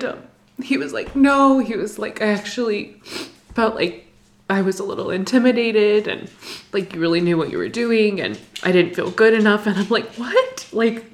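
A young woman telling an emotional personal story, halting and distressed, full of fillers and restarts. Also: on the high side. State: distressed, near tears.

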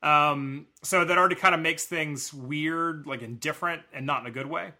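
A man co-hosting a podcast, chatting casually about a wrestling event and now and then mimicking fans in high voices. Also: normal speed, sharp tone. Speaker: podcast co-host. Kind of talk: casual wrestling review chat.

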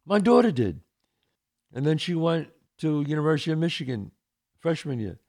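A middle-aged man hosting a podcast, answering listener questions and telling lively neighborhood stories. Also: fairly high pitch, moderate pace. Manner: animated, acts out quoted voices in a story. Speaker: podcast host.

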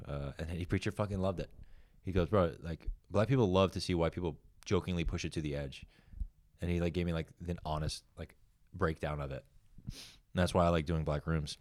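A man's voice: deep voice, steady tone, fairly quick, darkish tone. A young man, a comedian co-hosting a podcast, telling long rambling stories in casual, profane chat.

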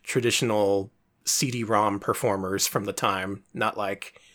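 A man's voice: fairly low pitch, fairly even intonation, measured pace, a bit bright. A man co-hosting a casual podcast about retro games, explaining things in a wry, chatty way and laughing often. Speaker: podcast co-host.

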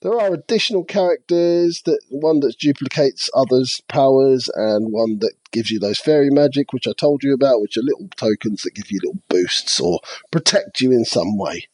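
A man's voice: medium pitch, normal speed, few pauses, a little mellow, breathy edge, no room sound. A man co-hosting a podcast, chatting casually and walking methodically through a board game's rules step by step. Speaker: podcast co-host. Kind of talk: casual chat reviewing board games.

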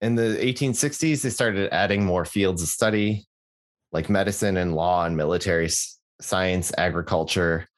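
Low-voiced young man rambling on a podcast. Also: normal speed. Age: young adult. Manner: rambling, jokey, many fillers and restarts. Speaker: podcast co-host. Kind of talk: casual podcast chat.

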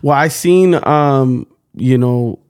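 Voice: mid-range voice, takes it slowly, a little mellow, smooth. An interviewer asking questions in a casual chat and backing the guest with short affirmations. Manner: supportive, many short affirmations.

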